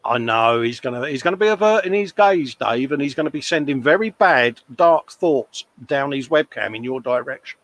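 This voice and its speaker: A man's voice: medium pitch, lively intonation, moderate pace, few pauses, a bit bright. A British man co-hosting a casual live stream from his hobby workshop bench, bantering and reading out viewer comments. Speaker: co-host of a live modelling stream.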